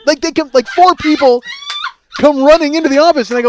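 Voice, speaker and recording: A man in his forties, a podcast host telling a comedic story in a casual, animated way, swearing and laughing along. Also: extremely high pitch, quick pace. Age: 40s.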